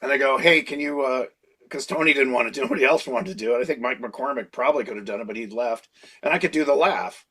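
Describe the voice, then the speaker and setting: A man in his sixties, a creature designer, telling lively anecdotes in a casual interview and slipping into impressions of people. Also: medium pitch, quick pace, husky.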